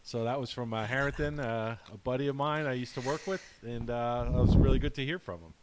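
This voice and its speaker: A man hosting a casual podcast, talking haltingly with many fillers and restarts. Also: medium pitch, heavy background noise. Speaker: podcast host.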